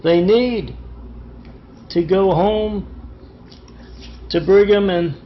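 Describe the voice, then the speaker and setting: Man, rambling vlog monologue, slow drawl, dull lo-fi sound with faint hiss. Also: high-pitched. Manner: meandering, conspiratorial storytelling with fillers. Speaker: vlogger.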